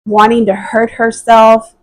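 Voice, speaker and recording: A woman's voice: on the high side, monotone, measured pace, rough recording. A woman telling her personal testimony as a podcast guest, speaking hesitantly and earnestly, with frequent fillers and restarts.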